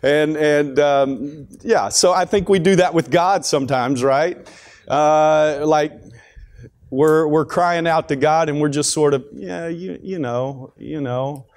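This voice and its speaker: A man's voice: on the high side, slow, darkish tone. A man giving a devotional talk at a school chapel, speaking conversationally with frequent restarts and repeated words.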